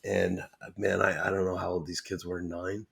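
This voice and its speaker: A man co-hosting a podcast, with a low, gravelly voice and a bright, forceful edge. He restarts his sentences often and pokes fun at himself. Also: level tone. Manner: halting restarts, then playful self-mockery. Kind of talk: casual podcast chat.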